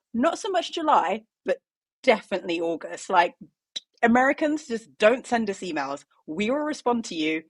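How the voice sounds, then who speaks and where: A woman's voice: mid-range voice, dry recording. A woman co-hosting a podcast, chatting in a playful, upbeat way and reading a market news roundup. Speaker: co-host.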